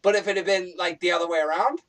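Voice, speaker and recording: A man on a round table panel telling a story in casual chat, animated and swearing freely. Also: high-pitched, fast, far from the mic. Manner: animated, profane, excitable.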